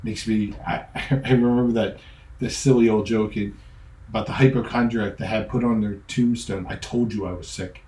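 Middle-aged male pastor, mellow voice, joking conversational sermon, echoey room. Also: on the low side, fairly even intonation, normal speed.

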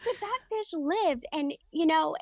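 High-voiced laughing woman telling a story. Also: expressive, unhurried, darkish tone, dry recording, lo-fi sound. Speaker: podcast guest. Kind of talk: casual storytelling.

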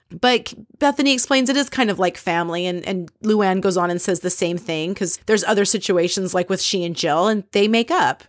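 A woman's voice: medium pitch, brisk, few pauses, no echo, clean studio sound. A woman hosting a podcast, recapping a reality show in a chatty, gossipy and snarky way. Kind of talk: casual recap chat.

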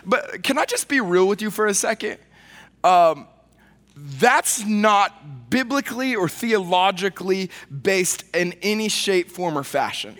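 Casting: joking male pastor, high voice, church hall. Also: animated, normal speed, a bit bright. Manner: casual, joking, self-deprecating storytelling. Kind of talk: sermon. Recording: long reverb of a large hall.

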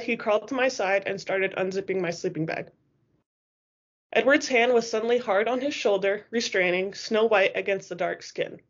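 Woman reading a novel aloud, lo-fi. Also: medium pitch. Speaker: audiobook reader. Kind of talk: first-person novel narration.

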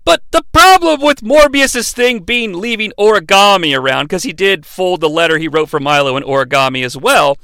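A man hosts a comedic movie review, sarcastic and rambling, with plenty of swearing. His voice sits high and sounds bright and sharp. It is recorded dry and close, with no room sound. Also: normal speed, vocal fry, hardly any pauses, clear, resonant tone, no echo. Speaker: host of a bad-movie review show.

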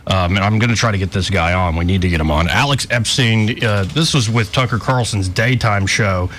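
A man's voice: fairly low pitch, brisk, a little hiss or hum. A man hosting a talk radio show, chatting casually and joking around while he sets up clips. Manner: lively, jokey, slips into mock voices.

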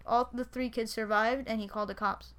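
A woman's voice: on the high side, fairly even intonation, brisk, a bit bright. A woman co-hosting a podcast who retells a crime story in loose, profane casual chat and often trails off. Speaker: podcast co-host.

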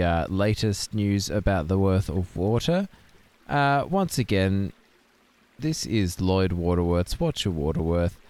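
A man's voice: sits low, darkish tone, clean tone. A young man hosting an improvised comedy podcast, mock-serious and rambling, with lots of hesitation. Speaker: podcast host.

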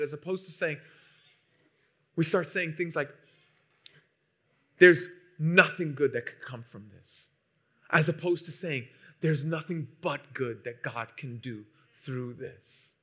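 A man preaching a sermon, emphatic, moving between hushed lines and loud, urgent ones. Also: fairly high pitch, a little slow. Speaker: pastor.

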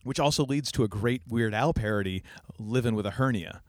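A man's voice: medium pitch, brisk, no room sound, clean studio sound. A man hosting a casual podcast, talking enthusiastically and rambling with many restarts. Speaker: podcast host. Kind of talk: casual chat.

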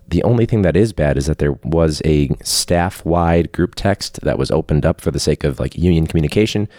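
A man with a very low, mellow voice talks through a rambling solo podcast, loose and candid, full of fillers and blunt asides. The sound is dry and close, with no room around him. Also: expressive, a little fast, no room sound. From Chicago area. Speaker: podcast host, teacher. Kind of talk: casual solo podcast chat. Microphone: phone hooked up to a video call.

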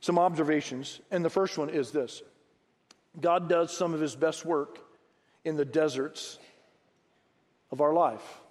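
Man, pastor, sermon, high voice, lively acted dialogue, church hall reverb. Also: measured pace, pauses often. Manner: lively preaching, acting out Bible dialogue with rising pitch.

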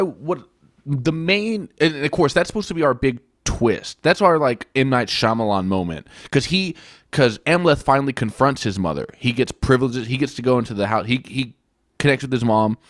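A man hosting a casual podcast about films, talking in an animated way and swearing as he retells a plot. His voice sits at an ordinary middle pitch. The recording is dry, with no room sound. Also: no echo. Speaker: podcast host. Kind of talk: casual film review chat.

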